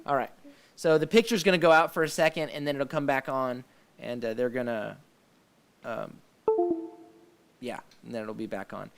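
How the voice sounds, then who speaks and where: A man's voice: mid-range voice, fairly even intonation, moderate pace, vocal fry, long pauses, a bit bright, faint music behind. A man hosting a casual live faith discussion, speaking with many fillers and restarts and sounding keen about the scenes he recalls. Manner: enthusiastic about the scenes he describes. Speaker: host of a faith discussion show.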